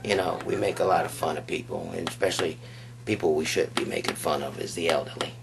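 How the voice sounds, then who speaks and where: A very low, gravelly male voice that drawls through a profane stand-up routine at an unhurried pace. The live recording carries plenty of noise behind him. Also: crowd noise. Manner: profane, drawling, rough-edged delivery. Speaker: stand-up comedian. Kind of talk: crude stand-up set. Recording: noisy live club recording.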